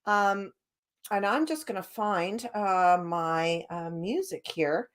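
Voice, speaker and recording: A woman leading a laughter yoga session, bubbly and giggly, gently coaching the viewer directly. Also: mid-range voice, takes it slowly.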